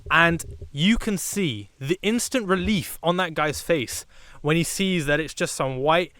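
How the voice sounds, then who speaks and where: Animated young British man telling a story. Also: on the high side, unhurried, dry recording. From Britain. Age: young adult. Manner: animated, comic storytelling with sudden loud bursts. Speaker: vlogger. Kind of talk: storytime vlog.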